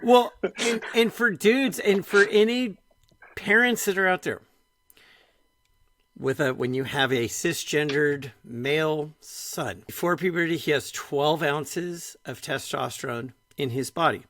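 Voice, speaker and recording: A middle-aged man hosting a podcast, chatting casually and retelling conversations in an animated way, full of "like". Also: on the high side, measured pace, no room sound, clean studio sound. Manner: animated storyteller, retells dialogue, frequent "like". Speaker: podcast host.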